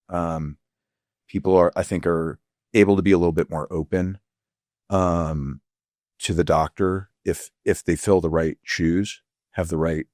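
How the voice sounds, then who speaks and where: Low, earnest man reflecting slowly. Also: a little mellow, no echo, clean studio sound. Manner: halting, searching for words, many fillers; earnest and emotional. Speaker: physician guest. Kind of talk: reflective interview conversation.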